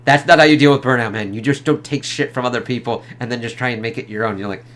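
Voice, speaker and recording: A man's voice: mid-range voice, steady tone, fast talker, a bit bright. A man giving a casual, rambling film review, swearing freely and leaning on filler words.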